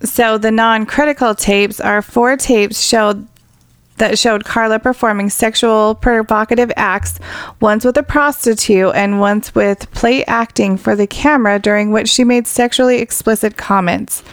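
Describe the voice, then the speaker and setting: A woman's voice: a little high, fairly even intonation, unhurried, no echo, studio quality. Blunt, indignant woman podcaster. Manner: blunt and indignant, swears often. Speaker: podcast co-host. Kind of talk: casual true crime discussion.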